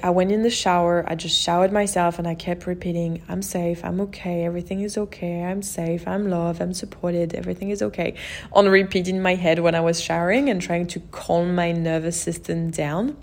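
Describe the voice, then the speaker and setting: A woman with a slightly lower-pitched voice shares a personal experience on her podcast. She speaks openly and emotionally, in a loose conversational flow with plenty of "like" and "you know". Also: darkish tone. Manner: open and emotional, heavy use of "like" and "you know". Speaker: podcast host. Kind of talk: candid personal storytelling.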